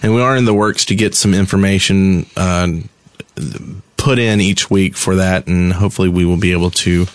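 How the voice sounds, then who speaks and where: A man co-hosting a casual gaming podcast, relaxed and moving the talk between segments. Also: deep voice, moderate pace, dry recording. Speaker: podcast co-host.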